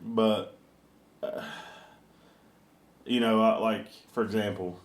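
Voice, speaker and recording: A man's voice: fairly low pitch, steady tone, slow pace, roomy sound. A man in his thirties co-hosting a podcast, telling stories in a folksy, casual chat. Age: 30s. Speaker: podcast co-host.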